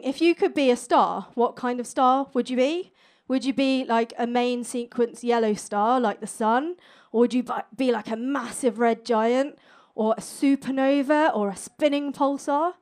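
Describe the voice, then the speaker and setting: A woman's voice: high voice, a little mellow. A young woman doing a playful, cheeky stand-up comedy set on stage before a live audience. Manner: playful, cheeky, quick with jokes.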